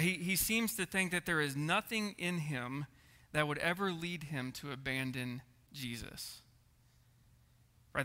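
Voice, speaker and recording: Earnest male preacher, slightly high and bright, in a reverberant church hall. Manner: earnest, repeats words and asks the room "right?". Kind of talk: sermon.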